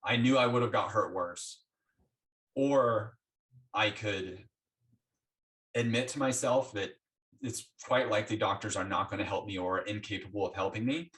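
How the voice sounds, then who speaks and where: With a fairly low voice, a moderate pace and long pauses, the interviewee relates what happened to him in a relaxed, conversational way. He animatedly reenacts his talks with his doctors, and the mic sits at a distance.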